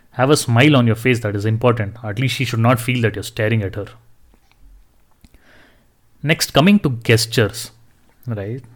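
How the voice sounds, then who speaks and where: Guy on his solo podcast, earnest advice, stumbles and restarts a bit, mid pitch. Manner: earnest, advising, with restarts and fillers. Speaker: podcast host.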